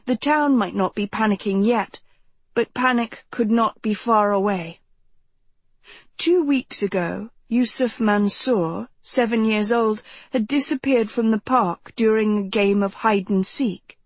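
A woman reading a novel aloud as audiobook narrator, steady and unhurried. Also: mid-range voice, slightly rough, no room sound. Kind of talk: scripted narration.

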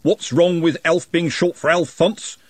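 A man's voice: on the high side, fairly even intonation, a little slow, slightly rough, no room sound, pitched above the performer's own voice. A man voicing a big blustering bloke. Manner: loud, blunt, indignant questions. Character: huge touchy working man, blustering and suspicious.

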